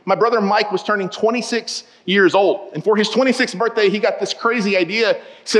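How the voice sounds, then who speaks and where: A man preaching a sermon to his congregation, telling funny personal stories and addressing the room directly in a lively, joking way. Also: sits high, fairly quick, few pauses. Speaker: pastor. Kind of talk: sermon with humorous storytelling. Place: church auditorium. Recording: reverberant church hall.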